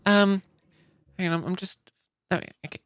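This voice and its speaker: A woman's voice: lowish voice, moderate pace, dry recording. A British woman playing a tabletop game casually, hesitant and playful, with many fillers. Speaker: player. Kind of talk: casual tabletop role-play.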